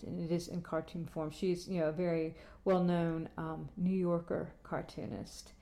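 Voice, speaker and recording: A woman's voice: fairly low pitch, flat delivery, moderate pace, vocal fry, few pauses, dark tone. A woman hosting a podcast from home, chatting casually, rambling with lots of fillers and restarts, and walking around the room as she talks. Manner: moves around the room while talking. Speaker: podcast host. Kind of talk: casual chat.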